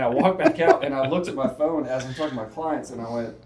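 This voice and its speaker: A man's voice: mid-range voice, lively intonation, fast, few pauses, echoey room, noisy background. A man working as a real estate agent, telling stories in a casual chat and laughing often.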